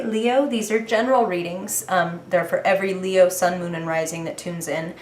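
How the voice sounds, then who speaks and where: A woman's voice: on the low side, a little hiss or hum. A young woman giving a casual tarot reading straight to her viewers, chatty, with fillers and small laughs. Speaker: tarot reader. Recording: echoey room.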